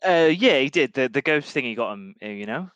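A man chats casually as a player in a tabletop game. His pitch swings a lot as he rambles on, picked up close on a dry mic. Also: expressive, a little fast, a bit bright, clear, resonant tone, no echo, dull audio.

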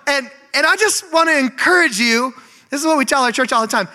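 A man's voice: very high voice, brisk, in a large hall. A man in his forties, a pastor giving a conversational sermon, telling stories and throwing asides to the congregation. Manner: animated, storytelling, frequent asides to the congregation.

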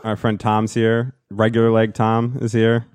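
A man's voice: fairly low pitch, monotone, a little slow, darkish tone, clean tone, no echo. Joking man in his thirties, podcast host. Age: 30s. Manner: joking, rambling, laughs often. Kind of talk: casual podcast banter. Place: podcast studio. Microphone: studio microphone.

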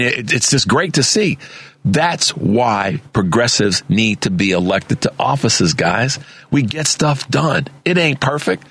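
Talk radio host, man, relaxed conversational delivery, speaks straight to the audience, close dry studio sound. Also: fairly low pitch, no room sound. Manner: friendly, conversational, addresses listeners as guys.

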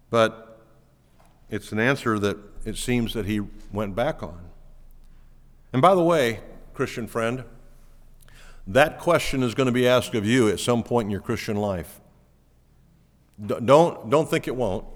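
A man's voice: medium pitch, big-room sound. A man pastor preaching a sermon, asking his listeners questions and quoting scripture.

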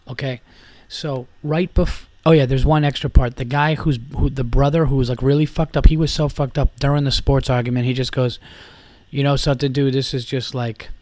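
A man's voice: medium pitch, dry recording. A man hosting a podcast, telling a rambling, profane story in a casual way and acting out the voices of the people in it. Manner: profane, animated, acts out quoted voices.

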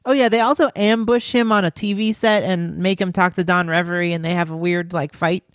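A man's voice: high-pitched, fairly even intonation, brisk, no echo. Dry-voiced man, casual film chat. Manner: laughing, loose retelling with profanity. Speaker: podcast co-host.

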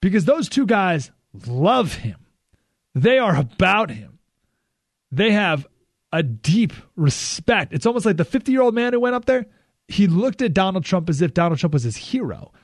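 An American man hosting a talk radio show, delivering a lively monologue with sudden loud and hushed emphasis. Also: high voice, moderate pace, dry recording, clean studio sound. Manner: animated, swings between loud and hushed emphasis.

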